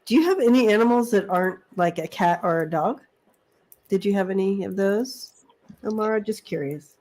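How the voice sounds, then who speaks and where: A woman's voice: mid-range voice, animated, moderate pace, darkish tone. A middle-aged woman co-hosting a casual live stream, chatty, laughing often and repeating her words. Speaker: psychic reader, co-host.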